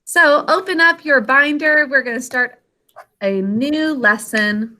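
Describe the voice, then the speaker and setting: Woman, teacher, online class lesson, video call audio, slow careful enunciation, high voice. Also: bright, forceful tone.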